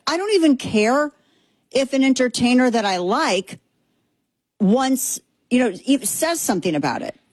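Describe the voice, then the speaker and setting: A woman's voice: fairly high pitch, no echo. A woman in her thirties from Texas hosting a casual opinion show, sarcastic and emphatic, repeating herself for effect. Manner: animated, sarcastic, emphatic repetitions. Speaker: commentary show host. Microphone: headphones.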